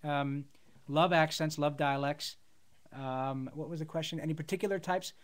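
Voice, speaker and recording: Enthusiastic middle-aged man, higher voice. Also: normal speed. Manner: enthusiastic, rambling, with many fillers and restarts. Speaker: voice actor guest. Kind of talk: casual live Q&A chat.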